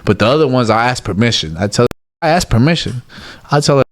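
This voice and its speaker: A man with a mid-range voice talks quickly as an interview guest, using casual street slang and constantly saying "bro" and "like." He's blunt and animated, telling stories and acting out the quotes.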